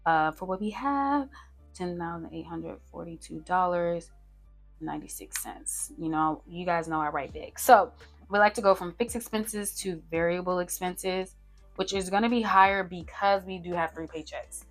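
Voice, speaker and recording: Casual budgeting vlogger, young woman, fairly low voice, chats straight to camera and counts numbers aloud. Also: normal speed. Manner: chatty, talks straight to her viewers, counts aloud. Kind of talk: casual talk-through while writing a budget. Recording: faint music behind.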